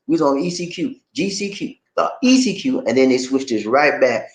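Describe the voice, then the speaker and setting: This vlog host, originally from Charleston, South Carolina, has a Gullah Geechee accent and a mid-range voice that moves a little fast. Chatting on a casual live stream from his home in the Philippines, he's lively, laughs often, and reads viewer comments, all in a roomy-sounding recording.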